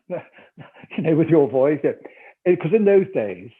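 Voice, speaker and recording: This older man from Newcastle, England, with a Geordie accent, has a slightly rough, somewhat high voice and speaks slowly but very animatedly. The actor and audiobook narrator tells an interview story remotely, laughing a lot and acting out quotes, and the call audio sounds tinny.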